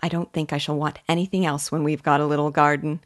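A woman voicing a playful, affectionate young daughter who talks in a lively, coaxing way. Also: sits low, fast talker, close to an everyday voice.

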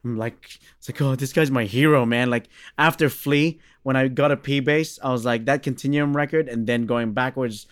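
A man in his thirties from Australia, a bass player guest in a casual interview, telling a story animatedly and acting out the dialogue. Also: steady tone, normal speed, hardly any pauses, fairly bright tone, clean tone, dry recording, studio quality.

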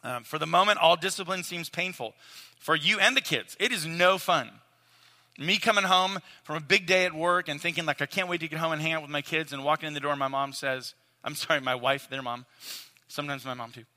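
A man's voice: fairly high pitch, fairly quick, bright, forceful tone. A man, likely in his thirties, giving an earnest, casual teaching talk on parenting as a father, speaking straight to his listeners. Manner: earnest, casual, addresses audience directly. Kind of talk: conversational sermon-style teaching. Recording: long hall reverb.

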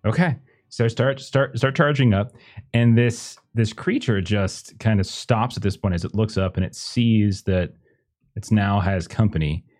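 A man's voice: on the low side, measured pace, a little mellow. A man running a tabletop game as game master, narrating loosely with many fillers. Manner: hesitant, lots of kinda and uh.

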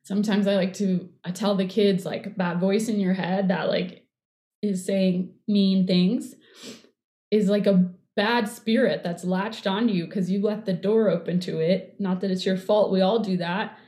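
A middle-aged woman in casual conversation, rambling and warm, with many fillers. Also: mid-range voice, steady tone, a little slow. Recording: echoey room.

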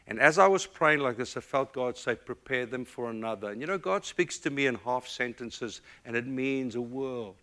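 A middle-aged man from Africa, a pastor preaching a sermon, swinging from loud emphatic points to hushed tender passages. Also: medium pitch, expressive, moderate pace, hardly any pauses.

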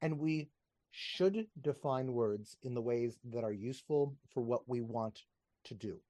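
A man's voice: mid-range voice, a little slow, dark tone, dry recording, clean studio sound. A man, a podcast guest and teacher, explaining ideas in casual conversation with enthusiasm, wandering off on tangents and laughing as he talks, recorded over a video call.

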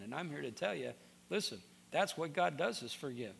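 Earnest preaching man with gravelly voice. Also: fairly high pitch, animated, a little fast, a bit bright, a little hiss or hum. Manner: earnest, repeats words when starting sentences. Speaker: pastor. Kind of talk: sermon.

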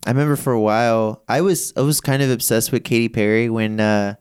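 A young man co-hosting a podcast, talking earnestly in a halting way with many restarts. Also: medium pitch, fairly even intonation, darkish tone, clear, resonant tone. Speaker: podcast co-host. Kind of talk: casual chat.

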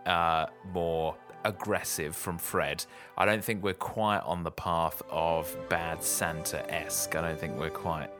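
A man's voice: low-pitched, steady tone, slow pace, hardly any pauses, over music. A man co-hosting a podcast, chatting casually with wry, dry quips. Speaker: podcast co-host. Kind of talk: casual chat.

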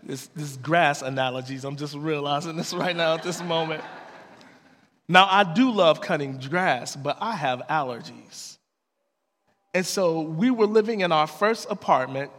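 Higher-voiced man preaching in a reverberant hall. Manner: earnest, plain-spoken, lively storytelling. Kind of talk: sermon with personal storytelling.

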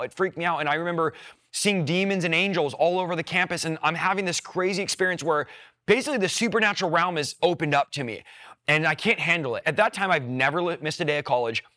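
A man in his thirties from California, sharing his personal conversion testimony as an animated storyteller who acts out his own quoted words. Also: on the high side, fast.

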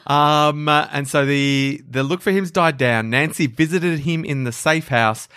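A man's voice: on the high side, measured pace, smooth, dry recording, clean studio sound. A man, co-hosting a podcast and casually retelling history with jokes and fillers. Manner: animated, jokey, with frequent fillers and playful voices. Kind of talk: casual storytelling chat.

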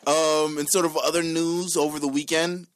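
A man's voice: a little high, flat delivery, normal speed, dry recording. A young man co-hosting a podcast, chatting crudely with friends and steering the topics. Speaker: podcast co-host. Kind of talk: casual banter among friends.

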